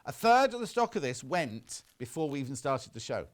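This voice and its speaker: A man's voice: mid-range voice, sing-song, fairly quick. A man hosting a live shopping channel show from a TV studio, showing products in a chatty, teasing way.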